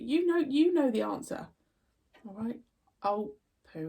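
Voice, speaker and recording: A woman's voice: a little high, lively intonation, a little slow, gravelly, dark tone, husky, recorded from a distance. A woman in her thirties hosting a reaction video, chatty and bubbly, rambling casually. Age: 30s. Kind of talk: casual chat.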